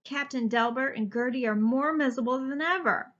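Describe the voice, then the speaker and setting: A woman voicing a gentle, kind-hearted young male bullfrog who frets easily, in a storybook read-aloud. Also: a little fast. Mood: sad. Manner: fretful and high-pitched when alarmed. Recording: slightly dull lo-fi recording.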